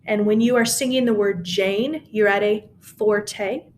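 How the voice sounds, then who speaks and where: A woman's voice: mid-range voice, fairly even intonation, measured pace, slight background noise. A woman teaching a recorded choir lesson at home by her piano, patient and encouraging as she talks students through the score. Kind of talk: recorded music lesson, speaking and singing along. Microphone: camera mic.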